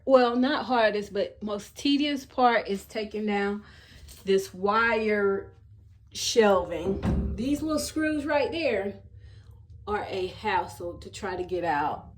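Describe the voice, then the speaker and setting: A woman chatting casually to her viewers in a home DIY vlog, laughing often as she talks. She records on a camera on a selfie stick inside a small walk-in closet. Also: mid-range voice. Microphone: camera on a selfie stick or mini tripod.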